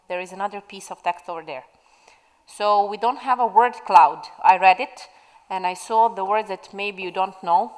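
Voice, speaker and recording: A woman's voice: mid-range voice, in a large hall, poor audio. A woman teacher recording a spelling lesson for pupils at home, dictating words patiently from her classroom. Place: classroom at school.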